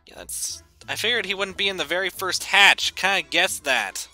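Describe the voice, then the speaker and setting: A man giving goofy, excitable gameplay commentary, breaking into shouted bits. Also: sits high, moderate pace, hardly any pauses, dry recording. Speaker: gaming YouTuber. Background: game music.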